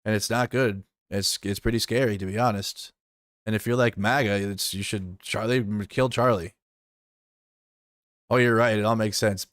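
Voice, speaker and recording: Man, somewhat low voice, smooth, dry sound, casual live stream, swearing, rambling. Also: no echo. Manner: loose, profane, rambling with many restarts. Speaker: streamer reacting to news.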